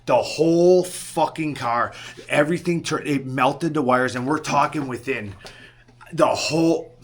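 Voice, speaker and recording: Speaking a little slowly in a fairly high voice, a man wanders through a casual story. He curses often, keeps checking in with "right?", and carries a sheepish, regretful air.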